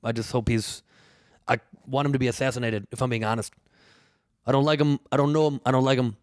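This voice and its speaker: A man's voice: mid-range voice, quick pace, no echo, clean studio sound. A male comedian chatting casually as a podcast guest, rambling and acting out bits. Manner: animated, rambling, acts out bits.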